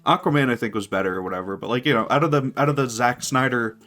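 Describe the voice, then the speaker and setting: A man's voice: mid-range voice, quick pace, fairly bright tone. A man co-hosting a podcast in casual chat, rambling and hedging his points, with faint music behind. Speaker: podcast co-host.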